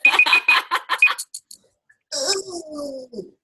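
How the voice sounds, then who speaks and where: A woman's voice: high-pitched, drawn-out words, pushed and bright. A woman co-hosting and running a quiz game, giggly in manner. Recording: roomy echo.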